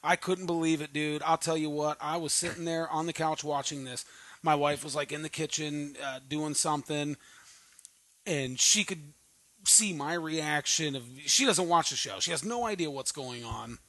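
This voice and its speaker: A man co-hosting a casual chat, telling excitable stories about watching a TV episode. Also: a little high, moderate pace, no room sound. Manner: excitable, gushing storyteller. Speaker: podcast co-host.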